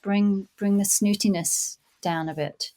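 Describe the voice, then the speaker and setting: A woman coaches actors over a video call, speaking bluntly and to the point. Her voice sits at an ordinary middle pitch, and she gives instructions plainly as a guest coach. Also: fairly even intonation, a little slow, warm tone.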